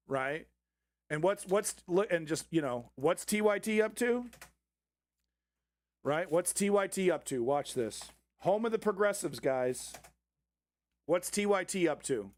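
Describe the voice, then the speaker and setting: A man's voice: high voice, no echo. A man hosting a live commentary stream, ranting sarcastically and swearing often. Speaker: host.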